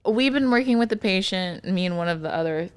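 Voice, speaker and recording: A woman telling a work story in casual chat, animated and swearing freely. She acts out the quotes as she goes. The sound is dry and close. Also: mid-range voice, fairly quick, smooth, no room sound. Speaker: podcast co-host; occupational therapist.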